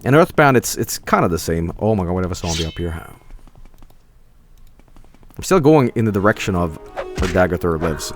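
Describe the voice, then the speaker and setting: A man's voice: deep voice, very animated, normal speed, pauses often, soft background music. A man giving casual, rambling gameplay commentary as a streamer, swearing and laughing often.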